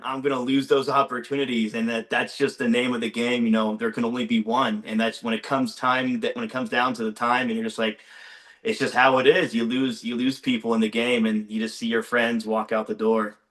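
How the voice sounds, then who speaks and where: Excitable young man telling a story. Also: mid-range voice, brisk. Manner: excitable storyteller, heavy use of "like". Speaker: game show contestant. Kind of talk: casual chat on a video call. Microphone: video call microphone.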